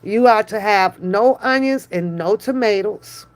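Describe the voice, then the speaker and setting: A woman hosting a live stream, chatting casually with viewers in a slow, drawn-out way, often brushing things off with a dismissive "mm-mm". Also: mid-range voice. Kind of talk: casual chat.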